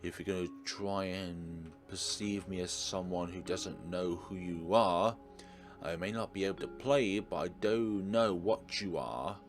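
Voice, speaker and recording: Guy doing a stuffy scolding magic harp from a game, deep voice. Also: unhurried, faint music behind. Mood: haughty. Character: stern, touchy enchanted harp.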